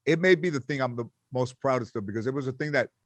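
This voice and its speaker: Middle-aged man, animated storyteller, acts out quotes, dry close sound, cursing comedian. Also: medium pitch, fast, no echo. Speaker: comedian guest. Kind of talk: casual storytelling chat.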